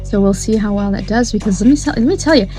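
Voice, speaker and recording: A woman's voice: mid-range voice, fast, mellow, faint music behind. A woman hosting her own show, chatting casually and rambling with frequent laughs and swearing, recorded in her home studio. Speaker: podcast host. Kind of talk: casual solo commentary.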